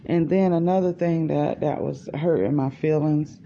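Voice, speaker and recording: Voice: medium pitch, fairly even intonation, mellow, a little hiss or hum. A podcaster in their forties, talking at work in a casual, rambling monologue and thinking aloud. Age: 40s. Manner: slow, unhurried, thinking aloud. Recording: dull lo-fi voice message.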